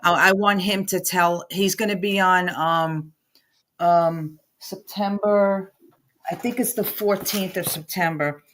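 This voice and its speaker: A woman's voice: on the low side, slow pace. A woman with a New Jersey accent, a podcast guest and singer, chatting casually on a video call and telling stories with lots of laughter. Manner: animated storyteller, laughs often. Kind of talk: casual interview chat.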